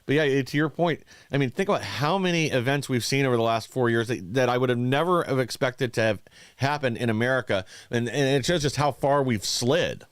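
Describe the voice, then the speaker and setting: A man's voice: medium pitch, fairly quick, smooth, dry recording, studio quality. A man co-hosting a political podcast, speaking earnestly with many hesitations. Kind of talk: casual political talk.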